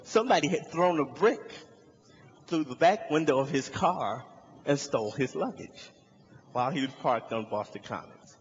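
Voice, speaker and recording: A young male comedian does stand-up in a large hall before a live audience, telling a story at a moderate pace and acting out its characters in high, animated shouts. The lo-fi recording has a long reverb tail and slight background noise.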